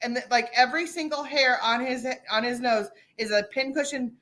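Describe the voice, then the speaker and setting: A middle-aged woman hosting a casual chat, telling an animated story with many restarts and fillers. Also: on the high side, moderate pace. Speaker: host.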